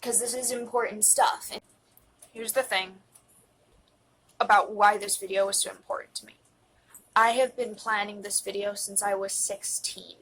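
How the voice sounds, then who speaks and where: Emotional young woman, flat earnest voice. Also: medium pitch, a little hiss or hum, low-quality recording. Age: 20s. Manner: earnest, heartfelt, sometimes dropping to a whisper. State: emotional, close to tears. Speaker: vlogger. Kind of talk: personal confessional vlog. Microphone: phone.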